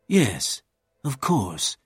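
A soft-spoken, romantic masked outlaw, low and hushed, with a husky grain to the voice, as a male storyteller puts him on. He speaks close and dry, with a lively lilt in the lines. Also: very slow, dry recording, heavily acted. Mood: calm.

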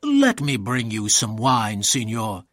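A man's voice: mid-range voice, huge pitch swings, slow, a bit bright, no echo, studio quality, exaggerated voice. A man voicing a wary older nobleman who speaks in a courteous, careful way. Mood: polite.

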